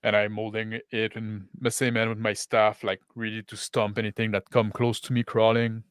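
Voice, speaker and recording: Man player, smooth resonant voice, fairly low, dry close sound. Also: flat delivery, moderate pace, no echo. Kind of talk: in-character tabletop play.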